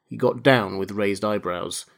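A man narrating a classic novel aloud in a measured, expressive way. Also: fairly low pitch, gravelly. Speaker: reader. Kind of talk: audiobook narration.

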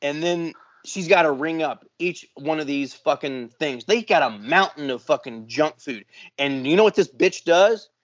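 A podcast co-host telling a profane, exasperated story in casual chat. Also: male voice, a little high, normal speed, no room sound. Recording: dull, muffled dry sound.

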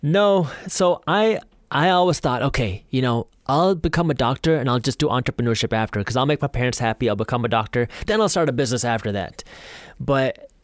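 A man's voice: medium pitch, a little fast, dry recording, clean studio sound. A young man, a podcast guest, telling stories in a casual interview and acting out his own past thoughts. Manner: animated, acts out his own past thoughts and quoted voices.

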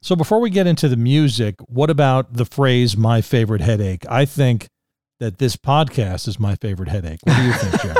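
Excited guy hosting a podcast over a video call, mid-pitched, dry close sound. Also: brisk, dry recording. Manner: enthusiastic, reads out quotes. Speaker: podcast host. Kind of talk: casual podcast chat.

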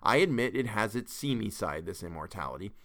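A man playing a brisk, confident young man who speaks bluntly and firmly. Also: lowish voice, big pitch swings, a bit bright.

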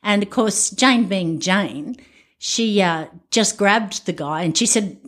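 A woman's voice: medium pitch, slow, fairly bright tone. A middle-aged woman co-hosting a podcast, telling stories in casual chat and laughing often. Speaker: podcast co-host.

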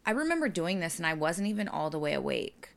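A woman's voice: sits low, sing-song, fast, creaky. A woman in her thirties, a mother, chatting casually and swearing freely as she tells a story. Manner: swearing, giggly, breaks into laughter. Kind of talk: casual chat.

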